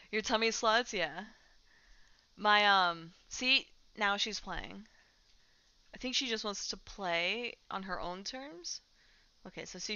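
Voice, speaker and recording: Bright chatty woman streaming a game. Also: medium pitch, clean tone. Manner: chatty, talks to her cat while playing. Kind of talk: casual chat while gaming. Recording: dull lo-fi mic.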